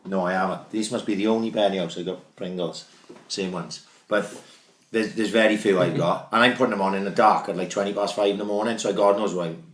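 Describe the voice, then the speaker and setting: Very low-voiced quick talker, blunt and sweary, echoey room. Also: male voice, fairly even intonation. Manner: blunt, fast, sweary talk about football. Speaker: podcast guest. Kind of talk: casual chat.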